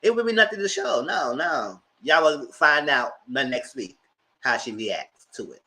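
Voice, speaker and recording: A man hosting a casual TV recap, chatty and animated, laughing often and breaking into excited outbursts. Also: a little high, unhurried. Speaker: TV recap host. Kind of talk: casual live TV review commentary.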